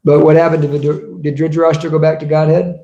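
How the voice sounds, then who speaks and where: A man's voice: fairly high pitch, flat delivery, fast talker, warm tone, highs cut off. A man giving a scripture class as a sermon, telling stories and asking the audience questions. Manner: storytelling, asks the audience rhetorical questions. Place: temple hall. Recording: echoey room.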